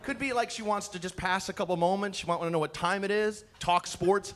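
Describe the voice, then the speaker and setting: A man from Portland doing a stand-up comedy set, telling animated stories and acting out characters, with swearing. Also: sits high, fairly quick, slight background noise. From Portland, USA. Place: comedy club stage.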